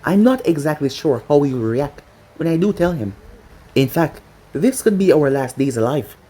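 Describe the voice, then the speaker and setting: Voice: medium pitch, expressive, moderate pace, mellow, husky. A narrator voicing a stern commanding woman leader. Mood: dry. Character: stern powerful woman leader, dry humor. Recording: faint music behind.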